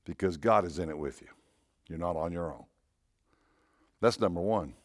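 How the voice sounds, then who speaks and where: A man's voice: low-pitched, normal speed, no echo, clean studio sound. A man, a pastor, preaching a conversational sermon in church, repeating phrases and asking rhetorical questions.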